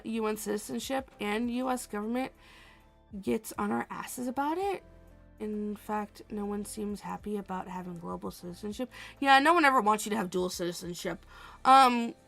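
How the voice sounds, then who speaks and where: A woman streamer in casual chat while gaming, animated and swearing freely as she rants. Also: fairly high pitch, creaky.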